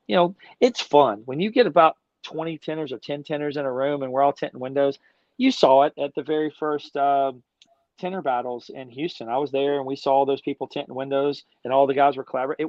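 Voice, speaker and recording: A man's voice: mid-range voice, a little mellow, no room sound. A middle-aged man talking as a guest in a casual interview, an enthusiastic, slangy storyteller who rambles along. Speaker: guest, business founder. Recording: dull dry lo-fi sound.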